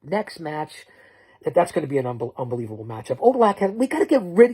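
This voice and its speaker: A middle-aged man rattles off a wrestling-style trash-talk promo in a husky, slightly breathy voice. He is bombastic and rambling, doubling back on his words as he hypes each matchup. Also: fairly high pitch, sing-song, fast, mellow. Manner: bombastic, rambling, with stammered restarts. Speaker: show host promoting matchups.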